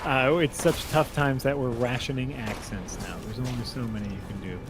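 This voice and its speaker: A man's voice: mid-range voice, steady tone, moderate pace, music in the background. A man co-hosting a game stream in casual chat, joking and laughing often. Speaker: co-host watching a game stream.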